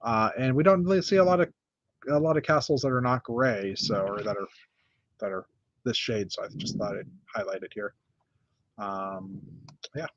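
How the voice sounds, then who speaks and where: A middle-aged man from North America hosts a casual chat, rambling easily from item to item with plenty of "uh"s and restarts. His voice sits at an ordinary middle pitch. The sound is dull and lo-fi, dry and close to the mic. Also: normal speed, pauses often, no room sound. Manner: rambling, lots of uh and restarts, shows builds one by one. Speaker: podcast host.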